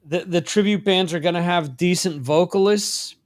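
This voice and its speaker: A man from the United States hosting a casual music chat podcast, relaxed and unhurried, with lots of fillers and restarts. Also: high voice. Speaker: podcast host.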